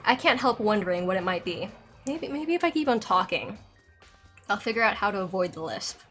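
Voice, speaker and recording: A young woman with a Southern accent streams a game playthrough, reading dialogue aloud over soft background music. Her medium-pitched, fairly bright voice is expressive and a little fast, with a slight lisp from a dental aligner. She rambles self-consciously, packing her speech with filler "likes."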